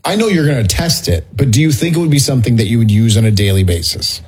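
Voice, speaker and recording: A man's voice: mid-range voice, expressive, fast talker, darkish tone, slight background noise. A man co-hosting a radio show, teasing and skeptical in casual banter.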